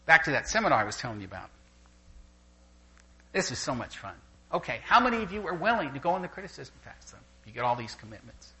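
Animated, bright-voiced older male preacher. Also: medium pitch, fast talker, low-quality recording. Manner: animated storyteller who laughs through anecdotes. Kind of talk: sermon. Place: church gathering with a live audience.

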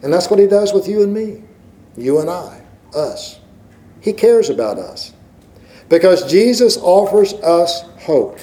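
A middle-aged male pastor preaching a sermon, full of rhetorical questions and swinging from loud emphasis to hushed asides. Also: sits high, big pitch swings, unhurried, poor audio.

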